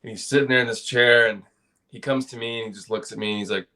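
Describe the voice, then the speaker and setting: A man's voice: mid-range voice, fairly even intonation, fast talker, sharp tone. Laughing, profane storytelling man. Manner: laid-back, profane storytelling with frequent laughter. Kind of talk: casual podcast conversation.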